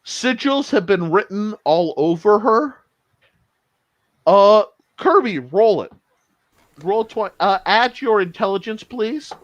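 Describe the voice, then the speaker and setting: Man, game master, high voice, very lively pitch, unhurried, dry close sound. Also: no echo, muffled recording. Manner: animated, laughing, jumps between narration and quick voices. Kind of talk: narrating a tabletop game.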